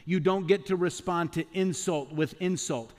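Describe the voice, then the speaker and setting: A man's voice: high voice, normal speed. A male pastor preaching a sermon, emphatic, with rhetorical questions and acted-out quotes.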